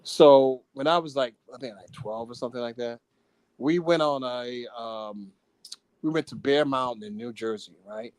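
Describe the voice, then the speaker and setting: A man's voice: mid-range voice, moderate pace, a little mellow, dry recording, rough recording. A man co-hosting a podcast in casual chat, playfully arguing back and repeating himself to make his point. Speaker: podcast co-host.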